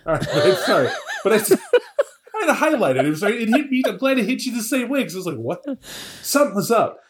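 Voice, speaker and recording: A man's voice: sits high, huge pitch swings, fast, heavy background noise. A man co-hosting a podcast in casual chat, retelling a story with laughter and acted-out quotes. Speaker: podcast co-host.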